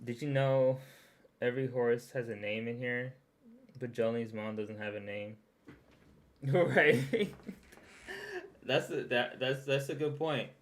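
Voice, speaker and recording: Reacting to a recap video, a young male streamer talks at a slow pace in a medium-pitched voice, pausing often. He's loose and chatty, laughing through his reactions while stumbling over and repeating words.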